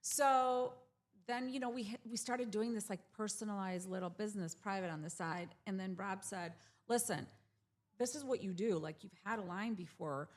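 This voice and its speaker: A woman's voice: medium pitch, normal speed. A woman in her forties, a jewelry brand founder, telling her story in a casual interview and acting out the voices of the people in it. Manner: animated, acts out quoted voices.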